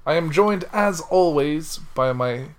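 A man's voice: fairly high pitch, expressive, a little slow, a little hiss or hum. A young adult man co-hosting a casual chat podcast, slipping into a mock news-anchor delivery. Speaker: podcast co-host.

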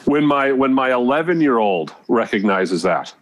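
A man's voice: medium pitch, expressive, normal speed. A man hosting a podcast, chatting casually and laughing along with his guest. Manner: laughs along, short agreeing replies. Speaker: podcast host.

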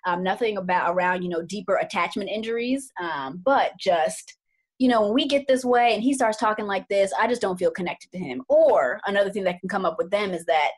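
Husky-voiced woman therapist, earnest. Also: mid-range voice, a little fast. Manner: earnest, thoughtful, repeats words for emphasis. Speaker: couples therapist. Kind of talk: casual podcast discussion.

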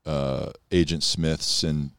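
A man's voice: rumbling low, fairly even intonation, takes it slowly, creaky, a bit bright, smooth, no room sound. A young man in casual, laid-back chat, full of slang and swearing.

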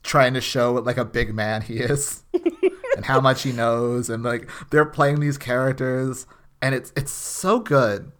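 A man co-hosting a podcast, talking through an episode in a loose, rambling way. He stops and restarts often and leans on filler words. His voice sits at an average pitch for a man. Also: very animated, unhurried. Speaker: podcast co-host. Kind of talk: casual chat.

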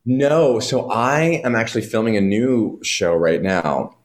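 A man, a guest from New York, telling animated stories in casual chat and swearing freely. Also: on the low side. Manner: animated storytelling, heavy swearing, quick asides.

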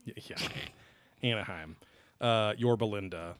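A man's voice: fairly low pitch, unhurried, no room sound. A man co-hosting a podcast, chatting casually over beers, rambling loosely and swearing offhandedly. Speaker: podcast co-host.

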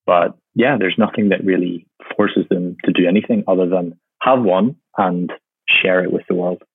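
Husky low-voiced man on a phone-like line. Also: fairly even intonation, moderate pace, no echo. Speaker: climate policy expert guest. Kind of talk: conversational interview answers. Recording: tinny phone-like line, dry.

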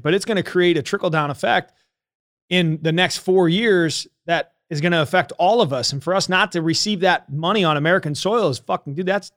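A man with a slightly high voice who rambles in a heated way, full of "you know" fillers and swear words. The sound is dry and close to the mic. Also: fairly bright tone, dry recording. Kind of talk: casual political chat.

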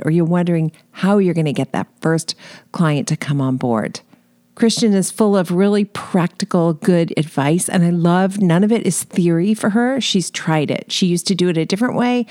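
Effusive woman podcast host, low voice, dry studio sound. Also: warm tone, no room sound. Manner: upbeat, effusive. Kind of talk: scripted podcast intro.

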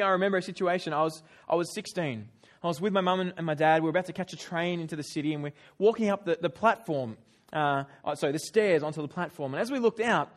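A young man preaching a sermon, retelling a scripture story and sharing personal stories, his voice rising for emphasis. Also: sits high. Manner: animated storytelling, raises voice for emphasis.

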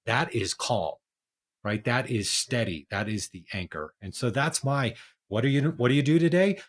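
A man co-hosting a podcast, telling a firefighting story in a casual, animated way, swearing and laughing easily. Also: on the low side, husky. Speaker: podcast co-host, firefighter leader.

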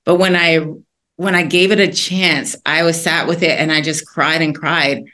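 A woman's voice: low-pitched, moderate pace. Earnest woman telling stories in an interview. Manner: earnest, animated storytelling. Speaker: guest author. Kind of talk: interview conversation.

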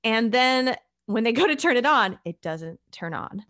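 A woman's voice: a little high, a little slow. A woman podcast host telling a story in a conversational way, acting out the characters' lines as she goes. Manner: animated storyteller, acts out quoted characters.

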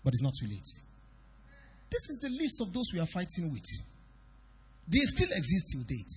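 High, lively pastor preaching. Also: male voice, normal speed, husky. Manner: dramatic, swings between loud declarations and quiet confiding. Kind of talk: sermon. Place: large church hall. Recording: long reverb of a church hall.

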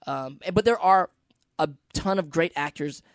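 A man's voice: on the high side, moderate pace, no room sound, studio quality. A man, an actor, talking earnestly in a casual podcast chat, thinking aloud with restarts. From United States. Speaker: actor guest.

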